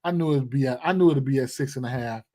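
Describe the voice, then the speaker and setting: A man's voice: medium pitch, quick pace, darkish tone. A man hosting a live sports betting stream, talking in a slangy, rambling way and chatting with his viewers. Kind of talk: casual live stream chat.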